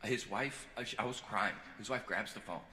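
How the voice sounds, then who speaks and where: A man doing a stand-up comedy set on stage, rambling and self-deprecating, swinging from earnest confession to loud joking. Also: on the low side, normal speed. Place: large theater on stage. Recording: echoey live hall recording with crowd noise.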